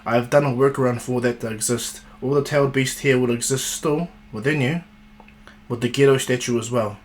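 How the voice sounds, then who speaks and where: A man voicing an ancient, wise male sage who speaks in a measured, fatherly way and explains at length. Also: medium pitch, steady tone, natural voice. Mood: calm.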